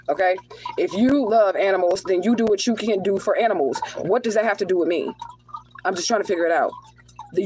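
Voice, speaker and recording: A woman's voice: medium pitch, a little mellow, a little hiss or hum, poor audio. A woman doing a live spiritual card reading who speaks bluntly and with heavy profanity. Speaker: spiritual reader. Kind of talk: live tarot reading and rant.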